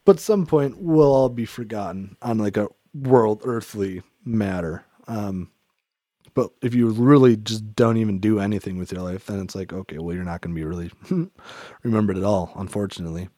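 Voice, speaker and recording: A man's voice: on the low side, normal speed, dark tone, dry recording, studio quality. A man talking through his thoughts in a casual faith-themed chat, rambling and reflective, filling his speech with "like" and restarting sentences.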